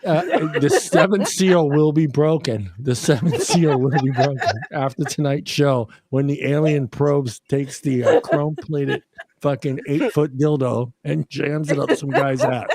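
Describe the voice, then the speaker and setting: A man's voice: on the high side, fairly even intonation, unhurried, a little mellow. A man co-hosting a casual comedy podcast, joking, laughing often and swearing freely. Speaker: podcast co-host.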